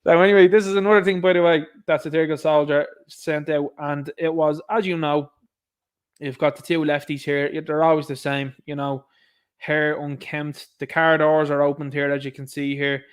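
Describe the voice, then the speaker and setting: A man's voice: a little high, level tone, moderate pace, clear, resonant tone. Indignant Irish man ranting on a stream. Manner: indignant, sarcastic, addresses listeners as lads. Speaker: livestream host. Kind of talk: ranting livestream commentary.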